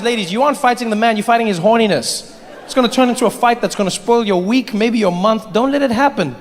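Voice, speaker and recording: A man does stand-up comedy on a stage in a large hall, telling stories animatedly and addressing the live audience. His voice is very high and fast, with some chatter and slight background noise behind it.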